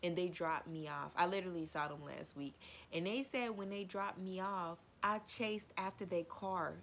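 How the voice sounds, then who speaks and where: A woman vlogger telling a funny personal story in casual, animated slang, swearing freely and acting out what people said. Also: on the low side, normal speed, a little hiss or hum.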